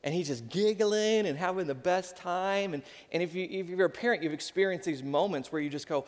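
A pastor, a man in his thirties, giving a conversational sermon with lively asides. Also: high voice. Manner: conversational preaching, animated, quick asides. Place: church sanctuary. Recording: long hall reverb.

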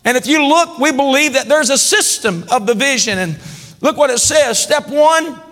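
A pastor with a very high voice preaches to his congregation, drawing call-and-response amens and swelling into shouts. His words ring out with a long reverb through a large church hall. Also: lively intonation, moderate pace. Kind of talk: sermon.

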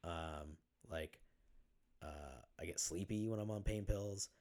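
A man appearing as a podcast guest tells his own story in a casual interview, speaking haltingly with lots of fillers, restarts, and casual swearing. His voice sits low with a darkish tone.

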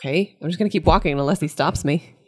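A woman's voice: low-pitched, fast talker. A woman playing a tabletop game, curious and asking plenty of questions. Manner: curious, asks lots of questions. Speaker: player. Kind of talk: casual tabletop play.

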